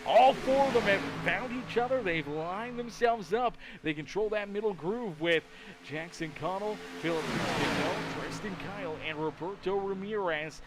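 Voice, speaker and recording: A tired man calling a live sim race play-by-play, his voice sitting high and jumping to loud bursts on close calls. Race-car engines roar through a noisy stream mix behind him. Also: moderate pace. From Canada. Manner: excitable play-by-play with sudden loud bursts and rambling asides. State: tired and yawning. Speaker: sim racing commentator.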